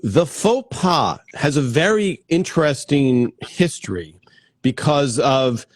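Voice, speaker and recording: A man hosting a casual interview over a video call, with quick asides and easy laughs. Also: on the high side, expressive, no room sound. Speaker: host.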